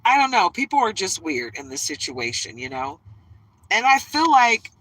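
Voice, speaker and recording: A woman's voice: medium pitch, very animated, normal speed, a bit bright, dry recording, rough recording. A woman who reads tarot, chatting casually and emotionally on a livestream from inside a parked truck.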